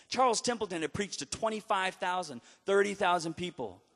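A fairly high-voiced man preaches through a story, driving points home loudly, then dropping to a hush. His voice hangs in a hall with a long, trailing reverb. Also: a little fast, few pauses. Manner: emphatic, swings from loud exhortation to hushed retelling. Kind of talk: storytelling sermon.

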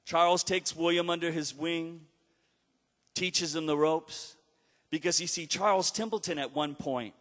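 A fairly high-voiced man preaches through a story, driving points home loudly, then dropping to a hush. His voice hangs in a hall with a long, trailing reverb. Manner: emphatic, swings from loud exhortation to hushed retelling. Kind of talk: storytelling sermon.

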